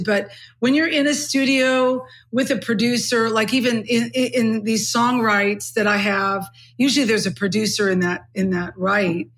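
A middle-aged woman from California hosting a podcast, with a low textured voice. She thinks aloud in casual chat, full of fillers. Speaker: podcast host.

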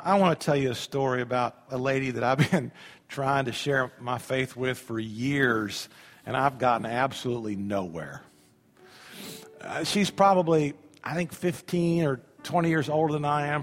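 A man in his fifties, a pastor preaching a sermon with emphasis and leading his congregation in call-and-response. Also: medium pitch. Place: church sanctuary. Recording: reverberant church hall.

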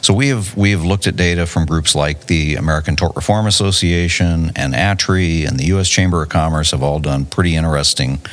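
Deep-voiced male executive, self-assured podcast guest who restarts his phrases. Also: a little fast, few pauses. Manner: confident, fluent, many restarts and repeated words. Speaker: tech company CEO, guest. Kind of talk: conversational podcast interview. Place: conference venue.

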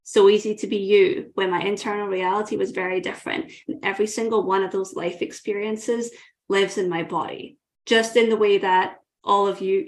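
A Scottish woman in her thirties, a guest coach telling her own story in a thoughtful, earnest way. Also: medium pitch. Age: 30s. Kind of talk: reflective personal storytelling.

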